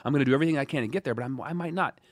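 A man in his thirties from Dallas, telling stories in a casual interview, animated, swinging between loud emphasis and quiet asides. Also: mid-range voice, racing, no room sound. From Dallas, USA. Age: 30s. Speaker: guest.

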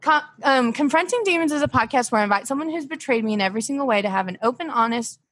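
This young woman's high-pitched voice comes in rapid-fire bursts with lively intonation. She's hosting a comedy podcast remotely, riffing an improvised bit where she scolds in a ditzy way and keeps breaking into laughter.

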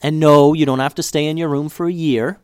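A man voicing a calm mother who is disappointed but fair, speaking in a measured, gently firm way. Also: fairly high pitch, smooth, no echo, studio quality, voice pushed up, close to an everyday voice.

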